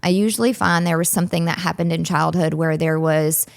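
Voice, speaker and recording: A woman with a Southern US accent explains things clearly and patiently as an interview guest. Her voice sits a little low for a woman. She lays out each idea step by step. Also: steady tone, fairly quick. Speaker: relationship coach and psychologist, guest.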